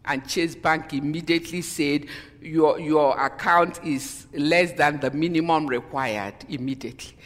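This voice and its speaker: A woman preaches a sermon and shares a personal story with strong emotion, often saying "you know" and breaking off to restart her sentences. Her voice is low and a little slow, with a long reverb tail.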